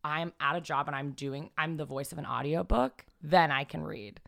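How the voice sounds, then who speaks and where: A woman's voice: sits low, moderate pace, creaky, a bit bright. A young woman guest on a podcast, chatting casually, rambling and self-deprecating with frequent laughs. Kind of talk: casual chat.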